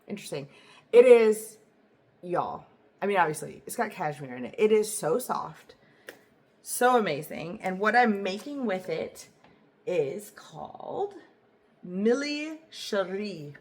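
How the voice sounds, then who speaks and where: Woman, knitting vlog host, casual chat to camera, enthusiastic, filler-heavy, mid pitch. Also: big pitch swings, measured pace, a little mellow, breathy edge. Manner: chatty and enthusiastic, lots of "um" and "like". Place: home, indoors.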